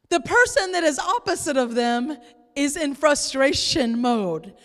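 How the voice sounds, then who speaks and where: A woman pastor preaching a sermon in church, lively and playful, sometimes acting out exasperated voices. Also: high-pitched, a little slow, in a large hall. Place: church sanctuary.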